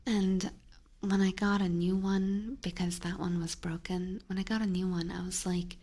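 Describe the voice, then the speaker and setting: A young woman streaming ASMR on a binaural microphone, chatting in a soft whisper, rambling and giggling often. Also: lowish voice, flat delivery, normal speed. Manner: giggly, rambling with many fillers. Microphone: binaural ear microphone.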